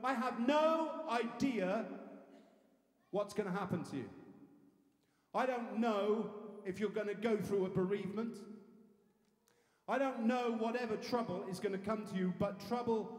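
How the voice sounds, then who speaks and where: A man preaching a lively sermon to a congregation, chatty and jokey, building up to shouted, punchy repeats. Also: high-pitched, unhurried, long pauses. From England. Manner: conversational, jokey, punchy repetition, rising to shouts. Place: church hall in front of a congregation. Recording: echoey hall from far off.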